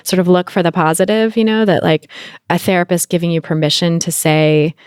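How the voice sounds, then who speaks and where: A woman's voice: lowish voice, steady tone, a little fast, clean tone, no echo, studio quality. A woman hosting a podcast interview, chatting casually, laughing often and filling her talk with "like". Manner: warm-toned, laughs often, chatty with fillers like "like". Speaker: podcast host.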